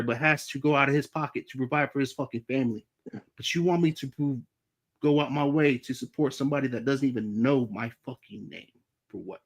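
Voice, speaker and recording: A man hosting a livestream, telling his story in heated, casual talk full of swearing. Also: mid-range voice. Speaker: livestream host. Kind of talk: casual storytelling on a live stream.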